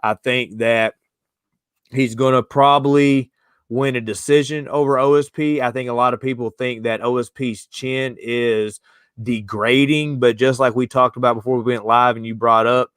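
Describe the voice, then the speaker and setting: Slangy sports-show host, smooth voice. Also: male voice, medium pitch, fairly even intonation, moderate pace, a bit bright, dry recording, clean studio sound. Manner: loose, slangy, joking. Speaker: podcast host. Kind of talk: casual live-stream sports chat.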